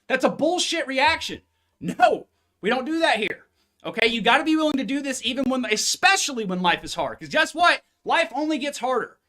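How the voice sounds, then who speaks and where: A man's voice: very high voice, very animated, fairly quick, pushed and bright. A man, a fitness coach, giving a blunt, intense live-stream pep talk full of cursing, speaking into a phone.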